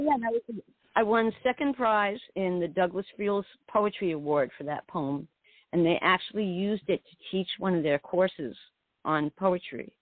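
A woman's voice: lowish voice, no echo. A woman poet being interviewed on the radio, speaking in a meandering, reflective way. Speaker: poet guest. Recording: tinny phone line.

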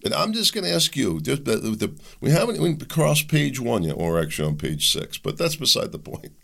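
A man's voice: mid-range voice, very animated, fairly quick, gravelly, fairly bright tone. A man hosting a talk show, delivering a rambling, sarcastic, opinionated monologue. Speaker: host.

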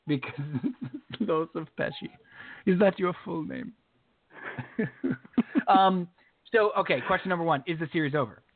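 A man co-hosting a casual sports podcast, laughing often and talking in an animated, joking way. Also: high-pitched, unhurried, pauses often, phone-quality sound. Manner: animated, laughs often, breaks into mock British singing. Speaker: podcast co-host.

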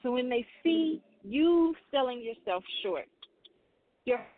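A woman's voice: sits high, animated, slow pace, no room sound. A woman hosting a spiritual talk, speaking earnestly and often repeating and restarting her phrases. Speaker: spiritual reader and host. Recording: tinny phone-like sound, dry.

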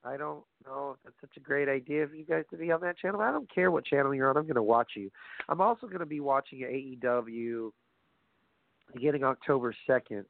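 A man ranting casually about wrestling, profane and animated, addressing his audience directly. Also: medium pitch, a little fast, gravelly, dry recording. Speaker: wrestling commentary host. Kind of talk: casual opinionated wrestling talk. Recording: phone-like lo-fi audio, dry.

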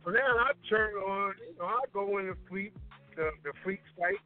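A man's voice: high-pitched, normal speed. Man, casual storyteller, acts out quotes, tinny phone sound, faint music. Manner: animated, acts out quoted lines. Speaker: guest DJ.

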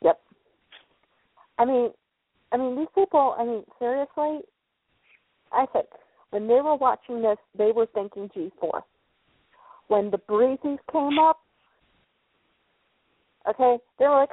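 A woman's voice: on the high side, husky, dry recording. A woman co-hosting a casual chat show, often restarting and stumbling over her words. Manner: halting, restarts and stammers. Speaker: podcast co-host. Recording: tinny phone-line call, dry.

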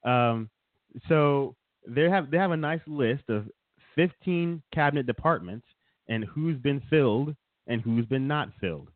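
This podcast co-host is a man with a medium-pitched, animated voice and a measured pace. On a casual comedic chat show, he rambles and teases his co-host, chuckling often. The recording is dry and tinny, almost like a phone.

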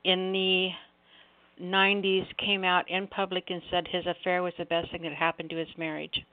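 A woman hosting a call-in show, chatty and warm-spoken with her callers, laughing easily. The sound is tinny and narrow like a phone line. It is also very dry, with no room around it. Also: lowish voice, little pitch movement, moderate pace, no echo. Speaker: radio show host. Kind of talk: casual call-in radio chat.

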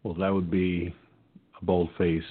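Male radio host, rambling with fillers and restarts, husky, tinny phone-line audio. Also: deep voice, little pitch movement, unhurried. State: hungry, says he may sound like his mouth is full. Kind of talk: casual political talk radio.

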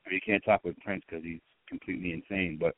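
A man with a Boston accent, a guest chatting casually in an interview, relaxed and rambling with frequent restarts. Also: deep voice, fast talker, no room sound. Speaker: guest, radio show host. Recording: tinny phone-like line.

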